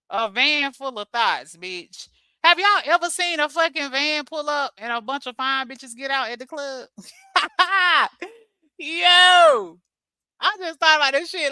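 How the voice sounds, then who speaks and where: Woman, livestream host, blunt and profane, bright voice, dry close sound. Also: high-pitched, no echo. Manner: blunt, profane, laughs loudly at her own jokes. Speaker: livestream host reading chat comments. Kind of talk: casual livestream chat.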